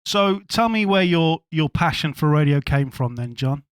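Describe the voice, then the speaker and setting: A man hosts a casual podcast interview, friendly and eager, tripping over his restarts. His voice sits fairly high for a man. The mic sound is close and dry. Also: lively intonation, normal speed, clean tone, dry recording. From England (Hull). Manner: friendly, enthusiastic, stumbling restarts. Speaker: podcast host.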